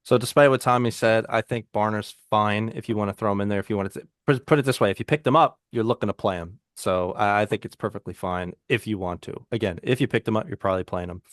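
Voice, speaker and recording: A man's voice: on the low side, fast talker, few pauses, dry recording, studio quality. A man co-hosting a casual fantasy football podcast, talking loosely with frequent restarts. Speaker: podcast co-host.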